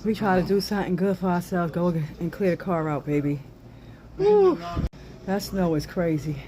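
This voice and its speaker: A woman vlogging about a snowstorm, out of breath, chatty and expressive, exclaiming and sighing as she talks. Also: lowish voice, fairly quick, noisy background. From New York. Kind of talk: casual vlog. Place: outdoors in deep snow, then back indoors.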